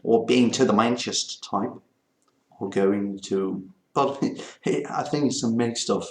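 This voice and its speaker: Rambling Belgian man with a gravelly voice. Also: on the low side, takes it slowly, reverberant. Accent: Belgian French. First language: French. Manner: rambling, meandering talk. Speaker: vlogger. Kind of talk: casual vlog chat.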